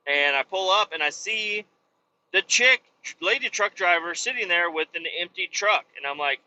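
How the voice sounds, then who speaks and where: Podcast host, man, very bright, forceful voice, slightly high, muffled lo-fi sound, profane animated storytelling. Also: normal speed. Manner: profane, animated retelling with quoted dialogue. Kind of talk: casual storytelling.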